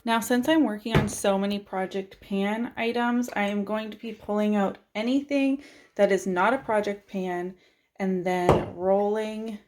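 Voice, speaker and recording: A woman's voice: mid-range voice, noisy background. A young adult woman vlogging in a casual, chatty and self-deprecating way, laughing often as she goes through her makeup drawer. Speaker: beauty vlogger. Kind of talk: casual chat.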